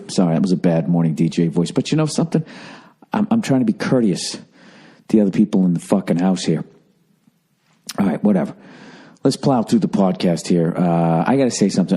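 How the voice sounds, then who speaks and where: A man hosting a casual solo podcast from his home in the early morning, rambling and profane, keeping his voice hushed so he won't wake the house. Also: sits low, breathy edge. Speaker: podcast host.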